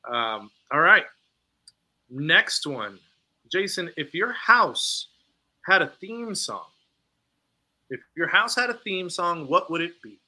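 A man's voice: on the high side, very animated, slow pace, pauses often, sharp tone. A man co-hosting a podcast, chatting casually and laughing often. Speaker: podcast co-host. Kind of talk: casual chat.

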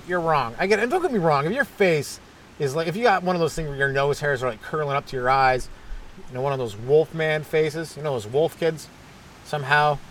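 A man's voice: on the high side, slight background noise. A man hosting a comedy podcast, rambling through a self-deprecating, hyperactive stand-up monologue. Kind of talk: stand-up style comic monologue.

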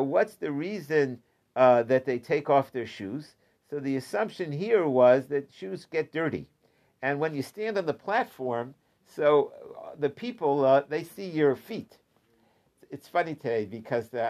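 Male Talmud teacher, slightly high voice, rambling and casual. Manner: chatty, digressive, chuckles often.

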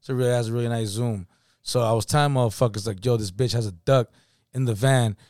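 A man with a Californian accent, telling an animated, slang-filled story in casual chat. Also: medium pitch, fast, dry recording, studio quality. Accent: Californian English.

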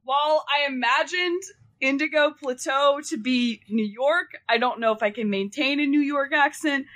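High, bright-voiced woman player. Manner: laughing, self-conscious, swears freely. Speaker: tabletop game player. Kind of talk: casual podcast banter.

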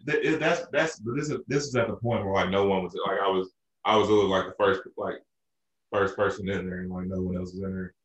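A man's voice: low-pitched, quick pace, distant mic, highs cut off. A man from Arkansas telling a rambling story in casual chat, with many restarts and fillers. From Arkansas, USA. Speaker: podcast co-host. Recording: roomy echo, a bit off-mic.

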